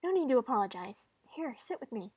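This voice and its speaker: A woman voicing a kind, upbeat student protagonist, talking in a bright, reassuring way. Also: fairly high pitch, very animated, brisk, breathy edge, no room sound.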